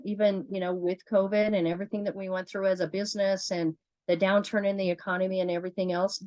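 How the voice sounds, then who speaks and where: A woman's voice: mid-range voice, a little mellow, no room sound, low-quality recording. A woman leading a motivational business training, earnest, often repeating herself and asking herself questions as she talks. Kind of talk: motivational sales training talk.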